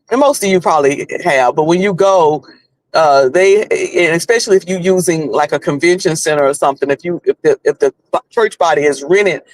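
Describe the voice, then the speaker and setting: A high-voiced man with a North Carolina Southern accent hosts a livestream from his car, chatting casually as he drives and rambling with many restarts. The audio is poor, with no room sound.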